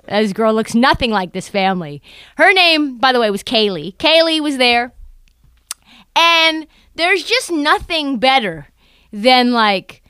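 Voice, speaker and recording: A young woman hosts a casual sports podcast, chatting in an animated storytelling way and slipping into other people's voices. Her voice sits a little high and sounds bright and crisp. The recording is close and dry. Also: normal speed, dry recording. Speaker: podcast host. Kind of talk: casual basketball podcast chat.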